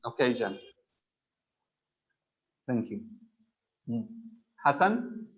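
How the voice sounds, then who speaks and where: A man's voice: mid-range voice, big pitch swings, very slow, dull audio. A man teaching an online English grammar class, explaining terms and checking in with students. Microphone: computer mic on a video call.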